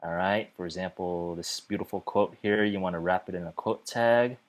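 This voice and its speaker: A man teaching a web development lesson in a casual, chatty way, often filling pauses with "okay" and "uh". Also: low voice. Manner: chatty, fills gaps with okay and uh.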